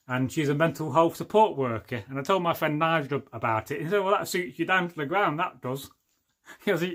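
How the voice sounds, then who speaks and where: A man's voice: on the high side, a bit bright. Chatty man hosting a livestream. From England. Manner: chatty, jokey, laughs often, rambling asides. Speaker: livestream host. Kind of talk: casual livestream chat reading comments.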